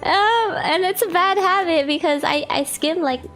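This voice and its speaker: A woman's voice: very high voice, moderate pace, a bit bright, faint music behind. A woman streamer chatting with her viewers and reading a visual novel aloud, giggly and chatty with lots of "like" fillers.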